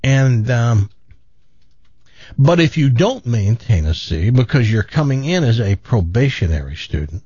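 An older man tells his life story with lots of movement in his pitch, acting out the other voices he quotes. His voice is a bit husky, and the sound is muffled and dry. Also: a little slow, no echo. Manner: animated, self-deprecating, acts out quoted voices. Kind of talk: casual storytelling.

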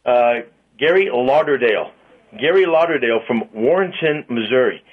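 A man hosting a radio segment, chatting in a rambling way with many pauses and fillers. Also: mid-range voice, expressive. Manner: rambling, lots of uhs, chatty. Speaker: radio host and car dealer. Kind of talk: casual radio banter. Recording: dull lo-fi radio sound.

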